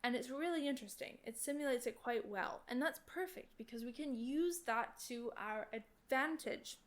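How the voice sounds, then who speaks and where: Young woman host, slightly high voice, chatty and upbeat, casual advice podcast. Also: a bit bright. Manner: chatty and enthusiastic, full of "like" and "literally". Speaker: podcast host and oboe student.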